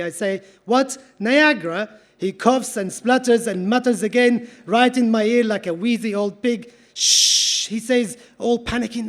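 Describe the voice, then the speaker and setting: A man reads his comic story to a theatre crowd over a stage microphone. His voice sits notably high for a man, and he tells it wryly and dryly, timing every punchline. It has the feel of a live literary reading.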